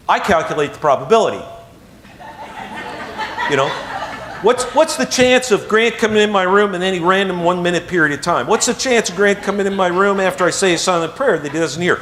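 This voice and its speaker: A man telling a personal story to an audience, swinging between hushed moments and excited ones. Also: high-pitched, slight background noise. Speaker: motivational speaker.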